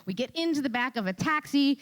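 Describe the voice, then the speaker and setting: Woman, New York accent, comic live storytelling, animated delivery, pitch swinging all over. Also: fast talker. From Queens, New York. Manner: animated, exclaiming, peppered with "right?". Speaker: author telling a story. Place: event stage before an audience.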